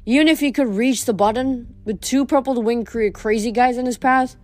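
A woman's voice: on the high side, normal speed, darkish tone, faint music behind. A woman reading a novel aloud, stumbling and restarting words now and then. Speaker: reader.

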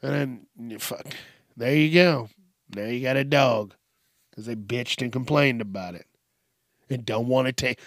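Profane rambling man, slow and dry. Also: mid-range voice, no room sound. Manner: profane, rambling, acts out bits in shouted voices. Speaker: podcast host. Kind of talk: casual comedic rant.

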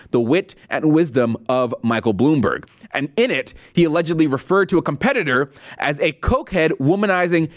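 Brief: male commentary host, sarcastic and incredulous, slightly high voice with animated, swooping pitch. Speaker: host of a political commentary show. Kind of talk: opinion commentary.

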